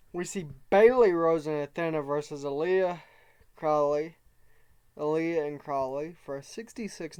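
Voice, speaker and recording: A man's voice: fairly high pitch, a little mellow, clear, resonant tone. A man casually narrating his wrestling management game, reading out the promos and rating each segment. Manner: reads out promo quotes in a slightly raised voice, rates segments.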